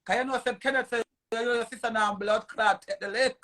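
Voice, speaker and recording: A woman's voice: fairly high pitch, steady tone, a bit bright. A woman with a Jamaican accent, talking in an emphatic, repetitive casual rant during a live chat. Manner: fast, emphatic, repeats names and phrases. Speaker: live stream guest. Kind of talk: heated casual rant in patois.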